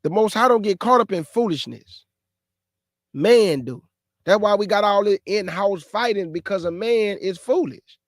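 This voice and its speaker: A man with a high, bright-sounding voice preaches on a livestream. He talks straight to his viewers in a lively, exasperated way, recorded close and dry. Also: moderate pace, no room sound. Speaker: host of a live show.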